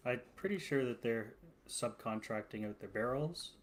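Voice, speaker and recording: A man in casual podcast chat, measured and thoughtful, who tends to trail off. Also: medium pitch, animated, a little hiss or hum. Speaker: podcast co-host.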